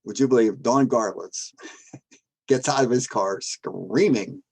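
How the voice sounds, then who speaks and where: An older man in his seventies spins a yarn with gusto, throwing his voice into the quoted shouting and chuckling between lines. His pitch sits in the middle and the sound is close and dry. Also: slow, gravelly, breathy edge, no echo, low-quality recording. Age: 70s. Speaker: guest, former drag strip starter. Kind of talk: lively anecdotal storytelling.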